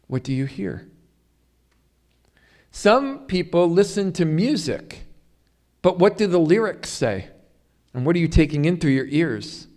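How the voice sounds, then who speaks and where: A middle-aged man giving a public Ayurveda lecture, speaking to the audience in a string of emphatic rhetorical questions. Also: fairly high pitch. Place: yoga center hall.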